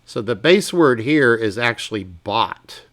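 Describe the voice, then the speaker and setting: Man, Hebrew teacher, casual lesson, slow readings, relaxed explanations. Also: mid-range voice. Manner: reads verses slowly, then explains in relaxed asides.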